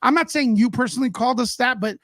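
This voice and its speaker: A man's voice: very high voice, fast talker, fairly bright tone, dry recording, studio quality. A man who is a guest commentator in a casual podcast chat, ranting with passion and frustration.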